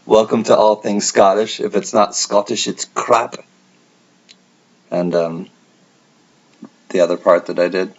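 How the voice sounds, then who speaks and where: A man's voice: on the low side, measured pace, vocal fry, long pauses, highs cut off, a little hiss or hum. A man hosting a collectibles livestream, chatting casually and reading out viewer comments.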